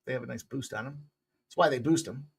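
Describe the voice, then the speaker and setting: A man hosting a sports betting picks show, talking casually in a loose, jokey way with bursts of loud excitement. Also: medium pitch, fast, creaky, slightly rough.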